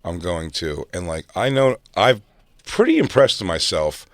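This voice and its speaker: Low-voiced man rambling in casual chat. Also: big pitch swings, normal speed, dry recording, clean studio sound. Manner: rambling, self-mocking storytelling.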